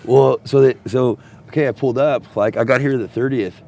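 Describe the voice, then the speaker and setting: A man's voice: mid-range voice, fairly even intonation, fairly quick, vocal fry, a little mellow. A man telling rambling, profane stories in casual chat, recorded outdoors at a campsite. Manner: rambling, heavily profane storytelling.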